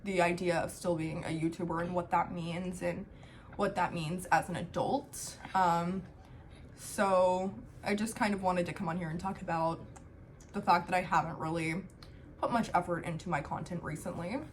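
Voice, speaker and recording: A woman's voice: on the low side, steady tone, normal speed. A young woman in her twenties talking candidly to camera at home as a family vlogger, reflective and loose, with plenty of "um" and "like". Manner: candid, reflective, many "um" and "like" fillers. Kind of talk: casual talk to camera. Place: home, with a baby in her arms. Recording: faint background noise.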